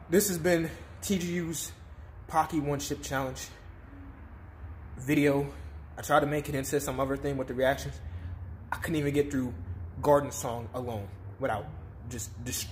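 A man's voice: on the high side, a little hiss or hum. A young man vlogging to camera, in pain and sniffling, pleading in short repeated bursts. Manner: distressed, repetitive pleading. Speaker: YouTuber doing a spicy chip challenge. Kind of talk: casual vlog to camera.

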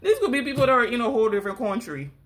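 A woman's voice: a little high, expressive, very fast, background noise. A woman doing a spiritual tarot reading, scolding and sassy, calling people girl and laughing between lines. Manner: addresses the viewer as girl. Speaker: tarot reader.

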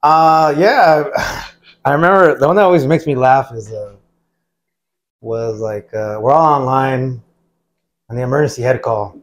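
A man in his forties, a veteran guest, recalling his past in a laid-back, halting way during a casual interview. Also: mid-range voice.

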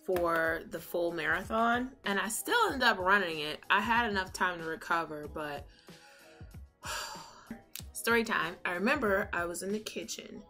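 A young adult woman telling a story in a casual, animated way while doing her makeup, swinging from calm to loud, excited retelling. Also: lowish voice, measured pace, soft background music. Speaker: beauty vlogger.

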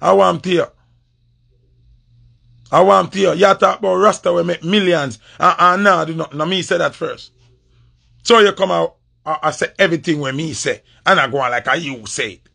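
A man's voice: a little high, normal speed, gravelly, bright, forceful tone, husky. A man with a Jamaican accent delivering a confrontational, repetitive rant in patois. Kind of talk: heated social media rant.

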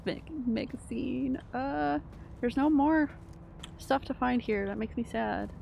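A woman's voice: fairly high pitch, slow, gravelly, dull audio, a little hiss or hum. A woman streaming a video game, chatting casually, laughing often and answering her chat. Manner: chatty, giggly, reads chat aloud.

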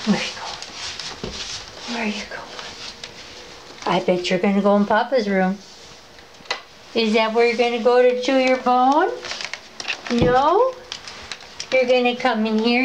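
A woman at home talking to her pets in sing-song baby talk. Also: on the high side. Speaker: pet owner. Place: home, indoors. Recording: home recording with steady background noise.

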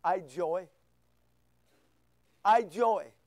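A male pastor preaching a sermon, firing rhetorical questions and sharp asides at his congregation. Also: high-pitched, very slow, dry recording. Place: church.

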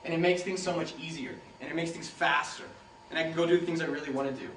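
A man's voice: fairly high pitch, steady tone, quick pace, fairly bright tone. A young man from San Jose telling loose, joking stories to a room of students, laughing often and swearing freely. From San Jose, California. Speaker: speaker giving a talk to students. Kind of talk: casual storytelling talk. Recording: roomy, from a distance, faint hiss.

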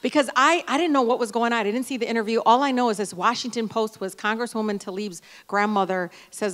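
A woman in her forties from Detroit giving a convention speech, telling family stories with animated, emphatic peaks. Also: a little high, brisk, few pauses. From Detroit, Michigan. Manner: storytelling, animated, rising to loud emphatic peaks. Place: large hall. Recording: smooth voice with long hall reverb.

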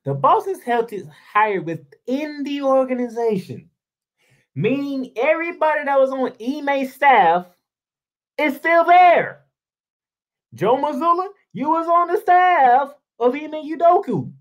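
A man's voice: very high-pitched, lively intonation, slow pace. A man giving a heated solo basketball commentary, ranting and firing rhetorical questions at the team. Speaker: sports blogger.

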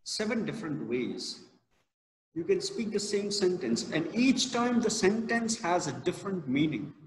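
A male college lecturer gives a classroom lesson, talking slowly and leaning hard on key words. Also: high-pitched, very animated, a little hiss or hum. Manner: slow, emphatic, stresses key words. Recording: echoey hall, reverberant.

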